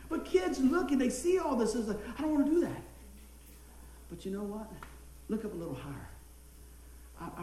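Folksy pastor in an echoey church. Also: male voice, high voice, slight background noise. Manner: folksy storytelling, laughing, animated. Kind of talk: sermon. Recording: echoey room, mic at a distance.

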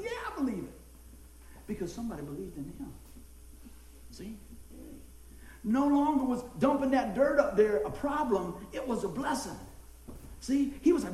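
A man's voice: extremely high pitch, normal speed, pauses often, echoey room, rough recording. A man preaching a sermon as pastor, telling a story with lots of laughter. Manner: storytelling, animated, laughs often.

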